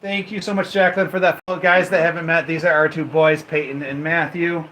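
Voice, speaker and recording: A man hosts a casual live stream from home, his voice sitting a little high for a man. He chats directly to viewers and keeps reading their comments aloud, recorded on a handheld phone with a faint hiss behind him. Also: level tone, brisk, bright, forceful tone, poor audio. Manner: chatty, talks straight to viewers and reads their comments aloud. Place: at home indoors. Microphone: phone held in hand.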